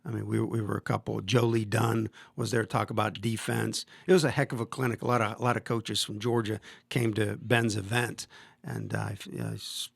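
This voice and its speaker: This podcast host is a football coach in his fifties who tells long, rambling stories full of fillers and restarts in a casual storytelling interview. His mid-range voice has vocal fry, a fairly bright, breathy tone, and no room sound.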